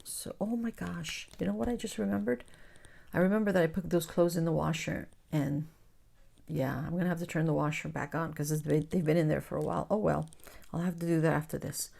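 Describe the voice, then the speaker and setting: A woman's voice: low voice, steady tone, brisk, vocal fry, mellow. A woman hosting a crafting channel, chatting casually to her viewers and telling stories, sometimes dropping into a whisper. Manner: chatty storyteller, calls her viewers "guys", drops to whispers. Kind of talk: casual chat while crafting.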